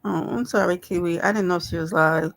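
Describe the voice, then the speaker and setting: A woman's voice: on the low side, steady tone, brisk. A woman hosting a casual live stream, talking straight to her viewers in a chatty, affectionate way. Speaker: livestream host.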